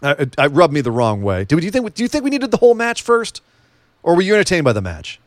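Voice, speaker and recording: Chatty man with a higher voice. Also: huge pitch swings, fast, no room sound, studio quality. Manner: chatty, joking, asks many questions. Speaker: wrestling podcast co-host. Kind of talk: casual chat.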